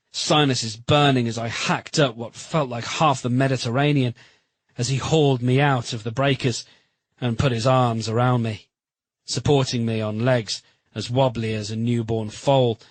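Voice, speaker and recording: A man narrating a first-person romance audiobook in a steady, measured reading. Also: mid-range voice, husky, no echo, poor audio.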